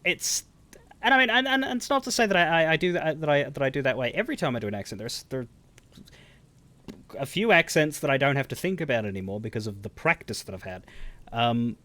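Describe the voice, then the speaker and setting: A man's voice: mid-range voice, expressive, fast talker, sharp tone. A man live-streaming a game, commenting casually in a rambling, self-interrupting way.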